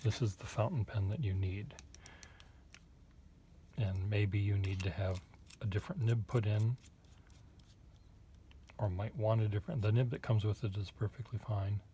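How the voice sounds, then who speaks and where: Give me a man with a lowish voice, rambling and hesitant as he chats while drawing at his desk, with faint pen scratching behind him. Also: fairly even intonation, moderate pace, pauses often, dark tone, a little hiss or hum. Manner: rambling, hesitant, wry asides to viewer. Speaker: artist reviewing pens. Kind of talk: casual chat while drawing.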